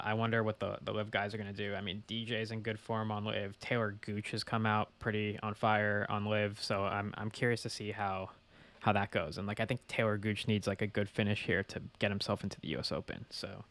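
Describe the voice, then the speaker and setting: A man's voice: on the low side, flat delivery, brisk, a bit bright. A young man co-hosting a podcast, speaking in an easygoing way with frequent "I mean" and "you know". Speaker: podcast co-host. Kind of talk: casual sports chat.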